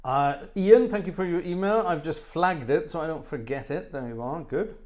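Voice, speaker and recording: A man's voice: a little high, normal speed, a little mellow. A middle-aged man chatting casually between pieces as host of his own live organ stream, rambling and joking. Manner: chatty, rambling, jokey asides.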